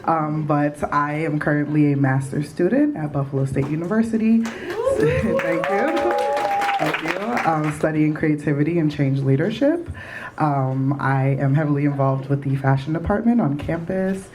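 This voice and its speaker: A woman's voice: sits low, normal speed, over a noisy crowd, heavy background noise. A young woman from Rochester, New York, introducing herself on a college panel, nervous and full of ums. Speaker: panelist, master's student and business owner.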